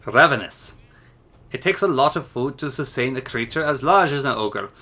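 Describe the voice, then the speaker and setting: Gruff ogre-lore narrator, a man doing it in a put-on Scottish accent, hammy and bright. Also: mid-range voice, expressive, normal speed. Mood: declaiming. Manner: declaiming, hammy reading.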